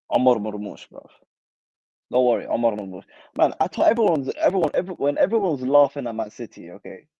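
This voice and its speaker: A man's voice: mid-range voice, dark tone, no echo, muffled recording. A young man hosting a football channel, chatting casually and reacting animatedly to live comments in slang. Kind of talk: casual livestream chat.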